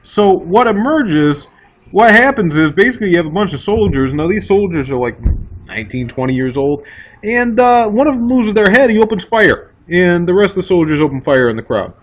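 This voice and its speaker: A man teaching history in a casual, chatty way, often voicing quick asides for the people he talks about. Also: sits high, sing-song, poor audio. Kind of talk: recorded classroom lecture.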